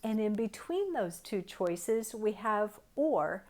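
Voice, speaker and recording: A woman teaching English intonation, saying model questions slowly and clearly as examples. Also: medium pitch, big pitch swings. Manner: carefully enunciated model sentences. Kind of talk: slow, clear teaching delivery.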